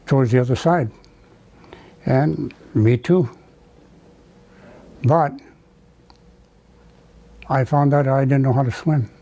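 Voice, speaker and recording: An older man from the United States, telling a wartime memory in an oral history interview, halting with many fillers and restarts. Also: medium pitch, mellow, low-quality recording. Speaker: veteran interviewee.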